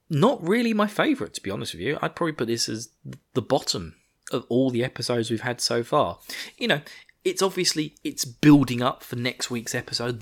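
A man's voice: mid-range voice, creaky, fairly bright tone. Rambling man recapping an episode. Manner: rambling, chuckles often. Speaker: podcast co-host. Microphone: podcast microphone.

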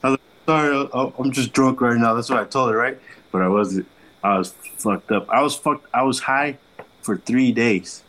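A man's voice: mid-range voice, normal speed, a bit bright, rough recording. Slangy laid-back male storyteller. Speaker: podcast co-host telling a story. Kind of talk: casual storytelling with heavy swearing.

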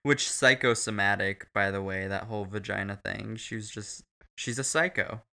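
A man's voice: fairly low pitch, moderate pace, creaky, sharp tone. A man co-hosting a casual, crude film recap chat, profane and laughing often. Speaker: podcast co-host.

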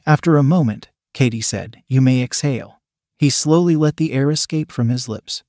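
A man steadily narrating an adult story in scripted, unhurried storytelling. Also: fairly high pitch, darkish tone, dry recording, clean studio sound.

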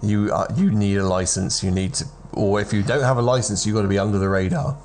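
A man's voice: on the low side, fairly even intonation, fast talker, darkish tone. A man running a tabletop game as game master, explaining the rules of the world and often restarting his phrases.

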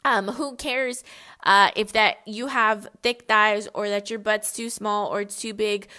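A woman's voice: medium pitch, steady tone, a little slow, bright, forceful tone, clear, resonant tone. A young woman hosting a podcast, giving a casual motivational talk in a blunt, emphatic way and swearing freely. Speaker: podcast host.

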